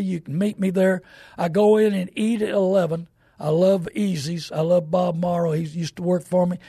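A man hosts a radio talk show, rambling and emphatic as he acts out the people in his stories. His voice sits high for a man, with a gravelly, husky edge, and the recording is close and dry. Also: a little mellow, no room sound. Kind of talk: folksy radio talk monologue.

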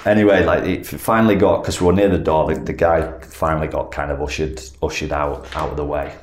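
A man's voice: a bass voice, fast. A man, a footballer guest, telling an anecdote casually, rambling and self-correcting as he goes. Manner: rambling, self-correcting, animated when retelling. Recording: echoey room, faint background noise.

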